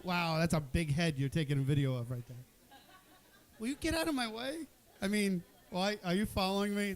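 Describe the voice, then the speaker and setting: Playful high-voiced male emcee. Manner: joking, playful, rambling. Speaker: event host. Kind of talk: casual emcee banter. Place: event hall with an audience.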